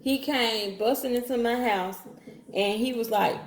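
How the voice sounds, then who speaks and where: Speaking directly to viewers in an unhurried, slightly high voice, this woman casually recounts her own story, using Southern-style slang and quoting others in her own voice. It's recorded in an echoey room.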